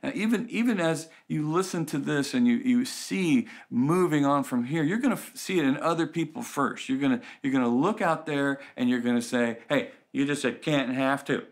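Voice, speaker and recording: A man giving a conversational teaching talk on relationships, telling stories and acting out quoted voices with lively shifts. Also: on the high side, moderate pace, hardly any pauses.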